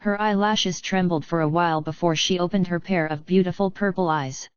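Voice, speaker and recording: A woman narrates a fantasy audiobook at an even, unhurried pace, her voice low and smooth. The recording is dry and close, with a slightly dull, lo-fi tone. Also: no echo.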